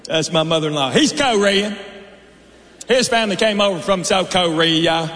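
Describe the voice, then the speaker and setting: A man's voice: on the high side, lively intonation, normal speed, pauses often, fairly bright tone. A middle-aged man doing a stand-up comedy set on stage, telling dry, conversational stories with asides to the crowd. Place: large hall on stage. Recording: roomy hall reverb, faint noise.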